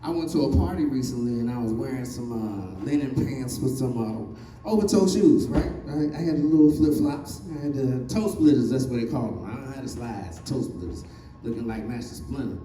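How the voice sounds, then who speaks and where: A man's voice: medium pitch, animated, fairly quick, dark tone, echoey room, distant mic. Southern man doing loose stand-up. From Virginia, USA. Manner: loose, rambling delivery with many fillers, acting out other people's voices. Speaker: stand-up comedian. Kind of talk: stand-up comedy set.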